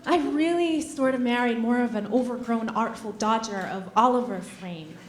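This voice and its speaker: A woman's voice: on the high side, normal speed, echoey room, slight background noise. A woman in her thirties from Massachusetts doing a stand-up comedy set with a wry, sardonic punchline delivery. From Massachusetts, USA. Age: 30s. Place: comedy club stage.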